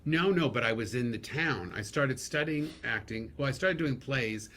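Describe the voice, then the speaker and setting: A middle-aged man from New York, a guest comedian telling stories in a casual interview, animated and theatrical. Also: medium pitch, normal speed, a little hiss or hum.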